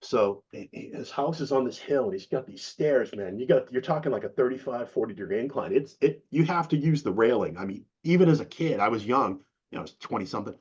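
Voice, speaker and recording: A husky middle-aged man from Massachusetts tells a long story in a loose, chatty way. He keeps breaking into other people's voices, suddenly jumping up high for their lines. The sound is dull and lo-fi, with a medium-pitched voice. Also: fairly quick, hardly any pauses. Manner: animated, acts out quoted voices with big pitch jumps. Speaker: interview guest. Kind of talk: casual storytelling.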